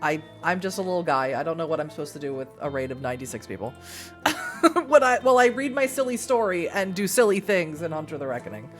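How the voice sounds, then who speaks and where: A woman's voice: sits low, animated, fast talker, faint music behind. Giggly woman streaming a text game. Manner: giggly, self-mocking asides. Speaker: streamer reading an interactive novel. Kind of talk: playful live-stream narration.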